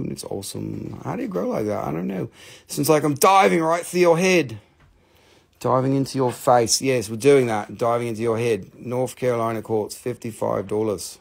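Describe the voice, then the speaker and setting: A man's voice: medium pitch, moderate pace, vocal fry, darkish tone. A man hosting a live crystal sale stream, chatty and self-mocking, joking nonstop with viewers. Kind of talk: casual live sales stream banter.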